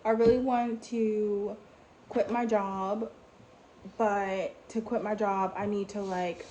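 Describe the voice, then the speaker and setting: A young woman with a New York accent telling a story in a casual vlog, animated and full of fillers as her outrage builds. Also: mid-range voice, slow pace, rough recording. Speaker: vlogger. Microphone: phone. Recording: faint background noise.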